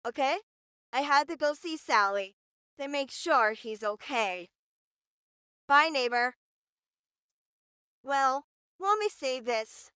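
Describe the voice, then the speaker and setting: Lady doing a sly flirty neighbor gal, smooth clear voice, dry sound. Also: high voice, animated, slow, pauses often, pushed and bright, dry recording, heavily acted. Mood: teasing. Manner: teasing, sly warnings. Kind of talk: listener role-play.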